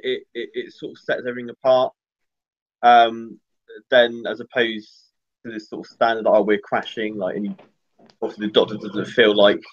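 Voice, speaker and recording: A young man hosting a casual fan livestream, chatty and quick to laugh, with lots of fillers and restarts. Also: medium pitch. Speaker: livestream host. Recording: dull lo-fi livestream audio.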